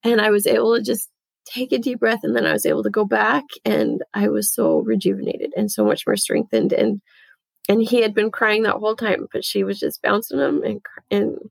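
A woman's voice: mid-range voice, normal speed, vocal fry, husky, dry recording, rough recording. A middle-aged woman telling an earnest, emotional personal story in a casual conversation. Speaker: guest.

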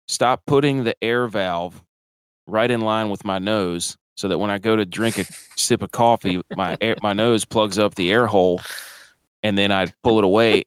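A man with a low, smooth, resonant voice hosts a casual sports podcast with his friends. He talks slowly and laughs often as he leads each segment. The sound is dry and close. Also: no echo. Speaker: podcast host. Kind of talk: casual chat.

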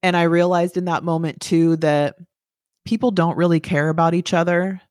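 A woman in her forties from the United States, giving a candid, halting personal testimony about her past. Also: on the low side, steady tone, a little mellow, dry recording, studio quality. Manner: candid, halting, plain-spoken. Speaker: survivor telling her story.

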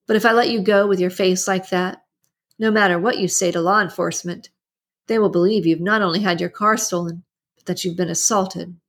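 A woman reading the lines of a tense young male kidnapper in an audiobook, terse and low-key. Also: steady tone, brisk.

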